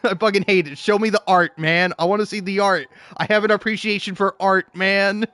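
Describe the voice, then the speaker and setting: A man's voice: high voice, fairly even intonation, a little fast, pushed and bright, dry recording. A man hosting a commentary video, ranting with lots of swearing and stammered restarts as he reacts to online comics. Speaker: commentary host.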